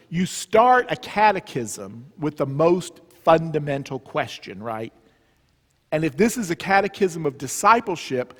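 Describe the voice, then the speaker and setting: Joking Southern man preaching in church. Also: on the high side. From Southern US, Memphis area. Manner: joking, conversational, engaging the audience with questions. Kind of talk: humorous retreat talk. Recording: reverberant church hall.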